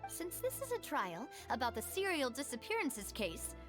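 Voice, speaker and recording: Navia, a cheerful, determined heroine. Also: female voice, high-pitched, wildly swooping pitch, normal speed. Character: confident, upbeat young woman detective leader. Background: game music.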